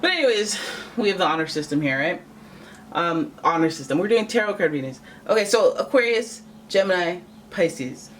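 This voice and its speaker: With an expressive, slightly bright medium-pitched voice at normal speed, a tarot reader from Canada chats and jokes through a casual reading to camera, thinking aloud and self-correcting. The voice sits a little far from the mic, over faint background noise.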